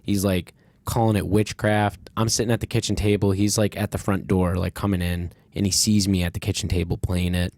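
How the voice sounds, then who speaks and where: Low, gravelly-voiced male podcast host. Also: level tone, brisk, hardly any pauses, darkish tone, dry recording, clean studio sound. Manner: rambling, candid, swears freely, many fillers. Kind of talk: casual conversational storytelling.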